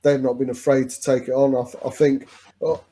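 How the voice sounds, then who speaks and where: A man's voice: mid-range voice, little pitch movement, fairly quick, dark tone. A man chatting casually as a fan co-host during a live football watch-along, rambling with restarts and calling his friend "mate".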